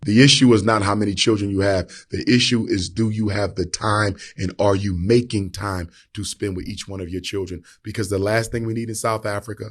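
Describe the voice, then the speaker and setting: Male public speaker, husky voice, emphatic preacherly speech full of repetition. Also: on the low side, steady tone, a little fast, hardly any pauses. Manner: repeats lines for emphasis, preacher-like cadence. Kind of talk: impassioned speech to an audience.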